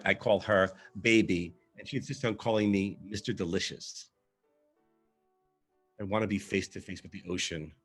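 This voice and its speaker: A man with a low, husky voice reads his own story aloud in a live theatre piece. He tells it expressively, in the first person, as a monologue.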